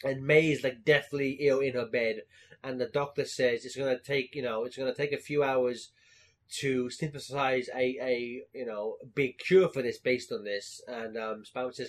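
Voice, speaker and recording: A man's voice: medium pitch, flat delivery, normal speed. A young man in casual chat, telling a story with swearing and bursts of laughter.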